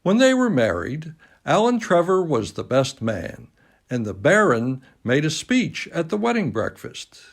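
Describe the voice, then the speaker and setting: Seated at a dining table at home, a man reads a classic story slowly aloud, captured on a phone, with a dry, self-mocking humor. His voice is on the high side and creaky, swinging hugely in pitch while keeping a measured pace.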